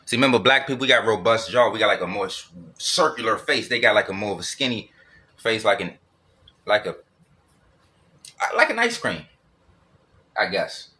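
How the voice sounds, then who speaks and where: A man's voice: on the low side, a little fast, sharp tone. A man giving a blunt, profane solo monologue, repeating and circling back over his points.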